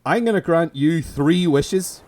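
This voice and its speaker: A man's voice: fairly high pitch, expressive, a little slow, a little mellow. Rambling Belfast man, co-host. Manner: rambling, self-interrupting, giggly. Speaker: podcast co-host. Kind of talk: comedic improvised sketch chat.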